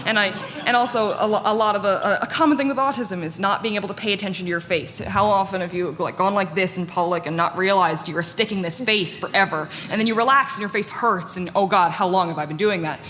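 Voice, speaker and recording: Speaking fast with few pauses, this conference panelist has a medium-pitched voice that sounds pushed and bright. She's frank and pokes fun at herself, often restarting and using fillers, amid long hall reverb and faint room noise.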